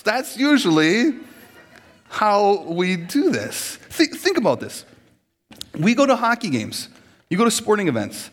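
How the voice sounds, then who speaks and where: A man's voice: sits high, big pitch swings, measured pace, long pauses. A man in his forties from Minnesota, preaching a humorous sermon, joking and acting out little scenes as he goes.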